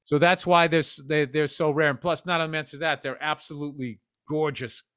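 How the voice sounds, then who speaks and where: A man's voice: a little high, steady tone, a little fast, fairly bright tone, clear, resonant tone, no echo, studio quality. A man in his fifties telling profane, rambling stories as a podcast co-host, now and then slipping into voices. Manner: profane storytelling, jumps into voices. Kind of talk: casual chat.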